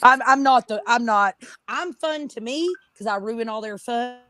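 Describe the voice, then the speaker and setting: A woman's voice: fairly high pitch, moderate pace, fairly bright tone. A woman co-hosting a casual podcast, brash and profane with folksy slang. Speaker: co-host.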